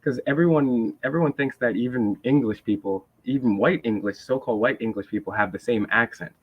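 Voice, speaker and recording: A nasal man with a Rhode Island accent, hosting a live stream, talking fast in rambling bursts with many restarts. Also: medium pitch, slightly rough, dry recording. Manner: rambling, hyped up, restarts a lot. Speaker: host. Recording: dull lo-fi stream audio.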